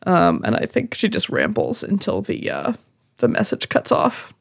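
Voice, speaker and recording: A woman's voice: lowish voice, wildly swooping pitch, moderate pace, vocal fry, husky, no room sound, studio quality. A woman player in a tabletop game, talking hesitantly with many ums. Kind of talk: playing a character in a tabletop game.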